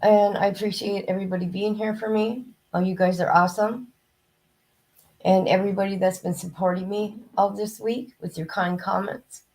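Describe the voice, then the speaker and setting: Woman streamer, hoarse and gravelly, loose chatty delivery, greets her regulars by name. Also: medium pitch, little pitch movement, normal speed, darkish tone. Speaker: livestream host. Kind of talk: casual chat to live viewers. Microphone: new desk microphone, headset off.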